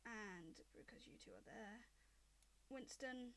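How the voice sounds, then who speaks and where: Brief: woman game master, fairly high voice, relaxed tabletop narration. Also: takes it slowly, a little hiss or hum.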